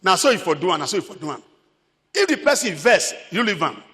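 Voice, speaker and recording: A man's voice: sits high, big pitch swings, brisk, sharp tone, in a large hall. A Nigerian man preaching a sermon as pastor, emphatic, repeating his phrases.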